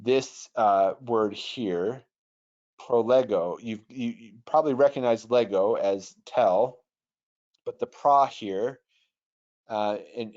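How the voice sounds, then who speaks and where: An online Bible software trainer teaches Greek grammar over a webinar, his voice lowish and a little mellow. He's patient and thoughtful, often restarting sentences, and the webinar audio is dull and lo-fi.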